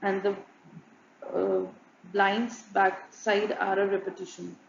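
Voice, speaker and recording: A woman narrating a student design presentation, listing examples in a flat, repetitive way. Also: mid-range voice, slow pace, gravelly, a little hiss or hum. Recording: muffled, echoey room with faint ambience.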